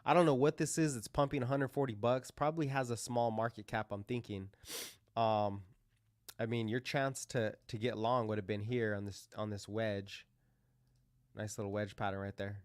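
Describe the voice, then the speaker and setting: A man's voice: fairly low pitch, fairly even intonation, normal speed, no room sound, clean studio sound. A man hosting a crypto livestream, talking casually and rambling through live chart commentary with lots of fillers and restarts.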